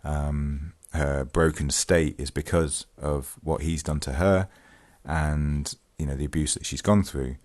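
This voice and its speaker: Speaking in a very deep, slightly mellow voice with fairly even intonation, this vlogger keeps a measured pace and pauses little. As host of his channel he works through a true-crime case informally, stumbling with ums and restarts, and periodically reads out passages from a news article.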